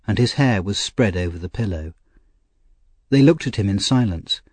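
A male narrator reads a classic story with a lively, rising and falling delivery. His voice has a slightly husky grain, and it is recorded close and dry with no room sound. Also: fairly low pitch, no room sound. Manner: expressive, clear storytelling. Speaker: audiobook narrator.

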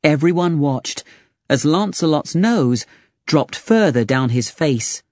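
A narrator reading a children's storybook aloud with slow, expressive delivery. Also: mid-range voice, no echo.

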